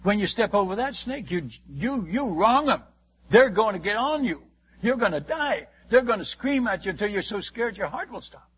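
A man voicing a frightened male jungle guide who shouts warnings in alarm. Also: high-pitched, sing-song, normal speed, breathy edge, pitched above the performer's own voice, full character voice. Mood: fearful warning. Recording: dull lo-fi recording.

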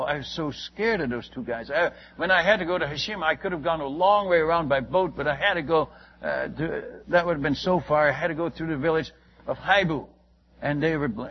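A man's voice: a little high, breathy edge, muffled recording. An older man, a missionary preacher, telling a story in a sermon with earnest, self-mocking candor.

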